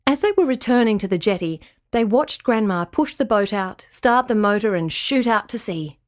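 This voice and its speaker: A woman reading a children's animal story aloud, gentle and expressive. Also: mid-range voice.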